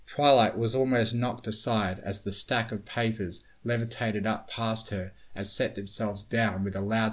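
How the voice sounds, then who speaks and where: Man, lowish voice, steady, measured, reading a story aloud. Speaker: reader. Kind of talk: storybook narration of fan fiction.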